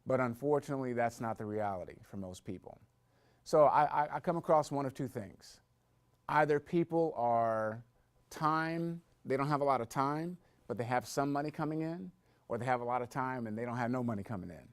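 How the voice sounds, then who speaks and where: Man, mid pitch, motivational talk, storytelling, emphatic build-ups, joking asides. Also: brisk.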